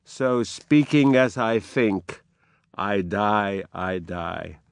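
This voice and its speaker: A man's voice: medium pitch, takes it slowly, a bit bright, clean tone, no room sound. A man voicing a furious, grief-stricken woman servant in an impassioned dramatic reading of verse. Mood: dying.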